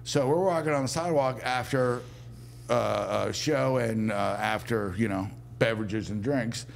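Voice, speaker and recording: A man's voice: medium pitch, normal speed, creaky, slight background noise. A man as a podcast guest, telling rambling stories in casual chat with frequent fillers and chuckles. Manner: rambling, laughing anecdotes with many fillers. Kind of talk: casual storytelling.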